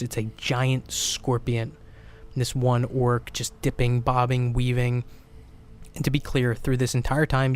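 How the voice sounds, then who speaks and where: A man at medium pitch serves as game master for a tabletop game, narrating fights and asking for dice rolls. He keeps it relaxed and drops in fillers.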